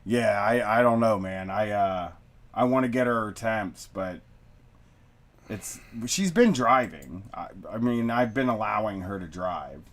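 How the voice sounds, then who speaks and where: A man's voice: on the low side, animated, a little slow. A middle-aged man hosting a podcast in casual chat, talking in a loose, rambling way and swearing freely. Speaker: podcast host. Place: studio basement.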